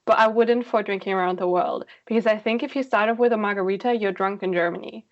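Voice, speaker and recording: A woman's voice: medium pitch, quick pace, muffled recording. A young woman in her twenties hosting a casual chat, telling stories and acting out what people said. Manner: chatty storyteller, acts out quotes. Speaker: host.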